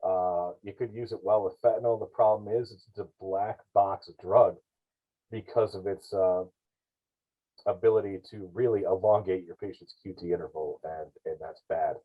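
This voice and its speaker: A man talks through emergency care on a podcast, rambling and often correcting himself mid-sentence. His voice sits low and has a husky edge. The audio is dull and lo-fi. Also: steady tone, moderate pace. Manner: rambling, explanatory, self-correcting. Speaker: paramedic guest. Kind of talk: podcast discussion.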